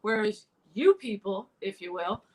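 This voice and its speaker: Middle-aged Philly-woman comic, blunt storyteller, acts out the quotes, mid-pitched voice. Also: animated, measured pace, a crowd in the background, low-quality recording. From South Philadelphia. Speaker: comedian guest. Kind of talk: casual podcast chat, storytelling.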